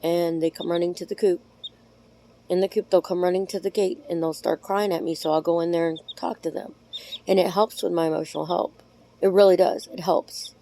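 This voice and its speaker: A woman talking straight to camera in a loose, rambling vlog. Her voice sits a little low, and she is chatty and affectionate. She is frank and swears offhandedly. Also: steady tone, brisk, gravelly, dark tone. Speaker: vlogger. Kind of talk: casual talk to camera.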